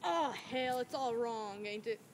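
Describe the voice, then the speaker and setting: A woman voicing a tough, bitter working-class man in an amateur play reading, talking in rough, clipped street slang. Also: a little high, unhurried. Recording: loud background noise.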